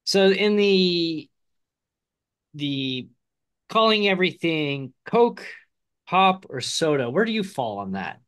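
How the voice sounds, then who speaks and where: Guy cohosting a chat show, bit of a midwest accent, super lively up-and-down voice, rambles and laughs a lot. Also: on the high side, slow pace, pauses often, smooth. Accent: slight Midwestern. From Midwest United States. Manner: chatty, laughs often, animated, rambling. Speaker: podcast co-host. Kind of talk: casual chat.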